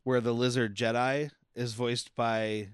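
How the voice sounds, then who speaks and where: A man's voice: mid-range voice, unhurried, clear, resonant tone, no room sound, clean studio sound. Chatty man reviewing a film. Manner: chatty, animated storytelling with quoted asides. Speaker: podcast co-host. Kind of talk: casual film review chat.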